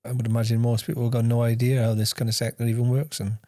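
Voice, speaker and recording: Male podcast host, fast, flat delivery. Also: mid-range voice, no echo, clean studio sound.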